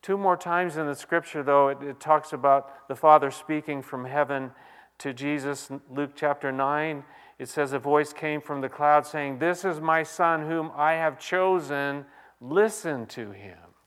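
A man preaching a sermon, his voice swelling into loud, urgent questions before falling back to a hushed, intimate tone. He reads scripture passages aloud and speaks directly to his listeners. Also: on the high side, unhurried, clear, resonant tone. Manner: dynamic preaching, swinging from loud exclamations to hushed quiet. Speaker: pastor.

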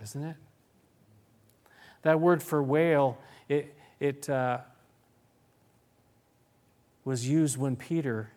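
A man's voice: medium pitch, darkish tone. A man preaching a sermon as pastor, earnest, reading scripture aloud and often restarting his phrases.

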